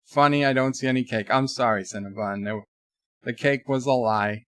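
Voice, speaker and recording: A man's voice: mid-range voice, normal speed, a bit bright, no room sound, studio quality. A man hosting a casual live stream, rambling between topics and reading viewer chat aloud.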